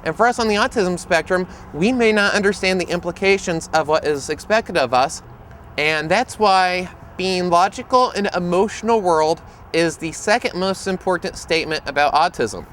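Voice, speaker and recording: Male autism educator, fairly high voice, playful storyteller, faint background noise outside. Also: normal speed. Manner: humorous, lively storyteller. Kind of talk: storytelling presentation to camera.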